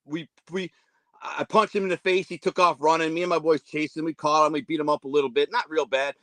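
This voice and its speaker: A man of about fifty speaks in a fairly high, steady voice that's brisk and a little bright, with no echo. He's a guest in a casual storytelling interview, rambling through long tales and acting out the voices of the people in them.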